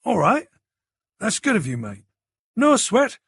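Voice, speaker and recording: A man's voice: high voice, huge pitch swings, unhurried, a bit bright, husky, no room sound, pitched above the performer's own voice, exaggerated voice. A man reading an audiobook plays a cheeky young man from the city who teases his friend about computers. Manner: cocky, bantering. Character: cheeky young London tech-savvy man.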